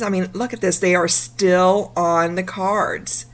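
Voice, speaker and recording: A woman, chatting upbeat in a casual travel vlog, her voice a little rough from the morning. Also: on the low side, steady tone, slow. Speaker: vlogger.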